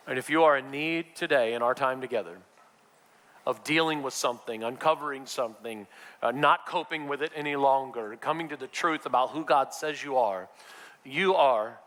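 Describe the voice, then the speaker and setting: A pastor delivers a sermon in a bright, ringing voice that sits a little high for a man. His speech carries a long hall reverb from the sanctuary, and he builds to emphatic passages. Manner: preaching with rising, emphatic passages. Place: church sanctuary.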